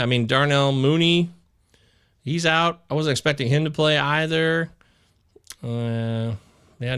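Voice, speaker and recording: A male host runs a live fantasy football chat, his pitch leaping up and down as he rambles. His voice is bright and a touch high, and he swears freely when the news goes against him. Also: clean tone.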